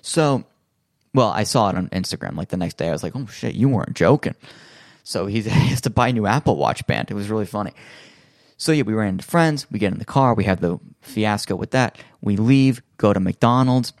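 Rambling, chatty man with a lower voice. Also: animated, a little fast, no room sound, clean studio sound. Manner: rambling storyteller, heavy on fillers and restarts; acts out quoted voices in his stories. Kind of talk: casual chat.

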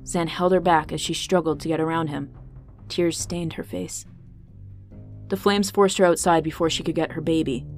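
A woman reading a fantasy story aloud as the narrator, in a steady, measured way. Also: sits low, soft background music.

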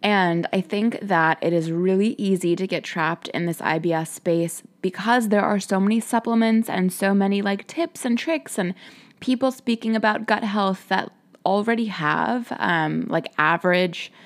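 A woman's voice: medium pitch, normal speed. A young woman hosting a podcast, chatting casually in a sing-songy, talkative way full of "like". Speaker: podcast host.

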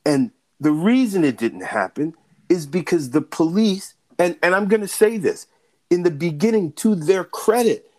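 A man's voice: high voice, expressive, moderate pace, a little mellow. Emphatic man asking rhetorical questions. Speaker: political and legal analyst. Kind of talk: candid discussion.

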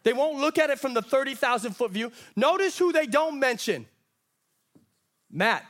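A man's voice: very high-pitched, expressive, moderate pace, fairly bright tone. A man preaching a sermon as pastor, emphatic, with lots of repetition and acted-out quotes.

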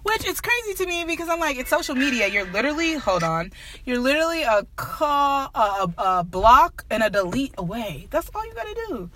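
A woman's voice: high-pitched, big pitch swings, brisk, bright, forceful tone, slight background noise. A young woman co-hosting a casual podcast chat, brash and swearing, with joking threats. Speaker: podcast co-host.

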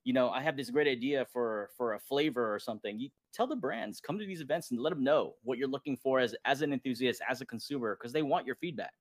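A man's voice: medium pitch, animated, quick pace, hardly any pauses, no echo. A man on a podcast roundtable, hesitant with many fillers but encouraging to listeners. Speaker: podcast guest. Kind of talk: casual roundtable chat.

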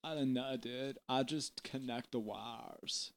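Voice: medium pitch, slow pace, gravelly, slight background noise. A performer playing a laid-back male stage manager in his seventies who mumbles in a drawling, unbothered way, in an improv comedy sketch. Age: 70s.

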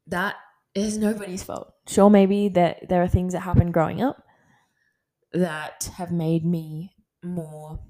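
A woman in her twenties with an Australian accent, talking candidly and casually about her own life, with many fillers and soft laughs. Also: fairly low pitch. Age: 20s. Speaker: podcast host. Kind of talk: casual personal talk.

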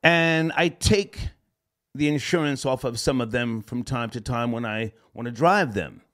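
Hosting a call-in show, a man with a mid-range voice tells a rambling story at a measured pace. He's casual, profane, and animated, laughing as he goes.

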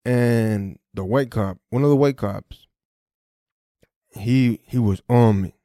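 A man's voice: medium pitch, slow, mellow, dry recording, studio quality. A young man hosting a podcast, recounting a personal story in casual street slang, swearing freely and restarting his sentences often. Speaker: podcast host.

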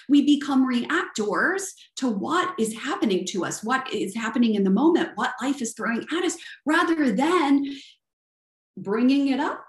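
A middle-aged woman with a Southern US accent speaks in a high, bright-pitched voice at an unhurried, deliberate pace. She coaches earnestly, posing rhetorical questions. The room around her rings with echo. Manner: earnest, asks rhetorical questions, tags "right?". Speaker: life coach. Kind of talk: motivational talk. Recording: echoey room.

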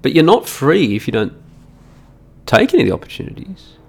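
A man's voice: fairly high pitch, sing-song, brisk, vocal fry, breathy edge. A middle-aged Australian man hosting a solo podcast, ranting profanely in a mocking, emphatic way into a studio microphone. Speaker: podcast host.

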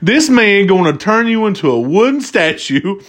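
Animated man reacting with laughter. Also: high voice, normal speed. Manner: animated, laughing, profane, cracks up. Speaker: host. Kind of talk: casual comedic commentary.

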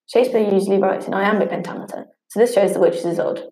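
A woman reading a scripted study lesson at a steady pace, sometimes stumbling and restarting on harder words. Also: mid-range voice, fast talker, hardly any pauses, a little hiss or hum. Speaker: teacher. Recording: echoey room.

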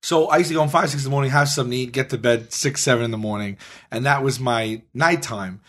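A man co-hosting a podcast, telling a long story in a casual, animated way and acting out the dialogue. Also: mid-range voice, quick pace. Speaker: podcast co-host.

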